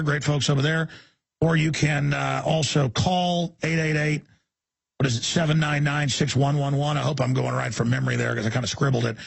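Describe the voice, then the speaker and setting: A man's voice: on the high side, gravelly, slightly rough, dry recording. A man hosting a call-in radio talk show, rambling with many fillers as he plugs material and takes calls.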